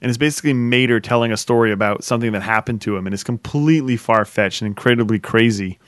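A man's voice: medium pitch, fast talker, no echo. A man hosting a podcast in casual chat, rambling, repeating himself and laughing often. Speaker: podcast host.

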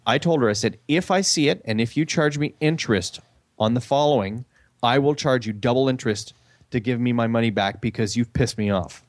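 A man's voice: mid-range voice, brisk, no echo. A man telling a story in a casual chat, acting out the quoted dialogue with animation.

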